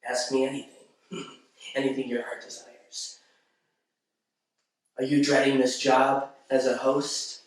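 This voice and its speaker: Man doing a quiet, tempting evil djinn. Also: medium pitch, little pitch movement, slow pace, long pauses, close to an everyday voice. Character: sinister wish-granting male djinn, calm and tempting. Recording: very echoey room, distant mic.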